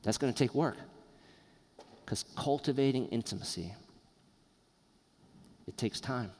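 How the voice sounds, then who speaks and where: A man preaching a sermon in a church, earnest and conversational, with pauses. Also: medium pitch, darkish tone, big-room sound, a little hiss or hum. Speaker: pastor. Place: church sanctuary.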